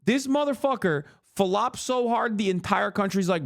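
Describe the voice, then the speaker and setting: Casting: male streamer, thirties, high voice, sarcastic and exasperated rants. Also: normal speed, vocal fry, hardly any pauses. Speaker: streamer reacting to news. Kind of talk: profane reaction commentary.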